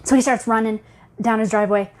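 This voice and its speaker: A woman's voice: on the high side, steady tone, fast talker. A woman who markets a webcomic, reading and retelling a comic chapter aloud in a chatty, playful way. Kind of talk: casual comic-book read-aloud.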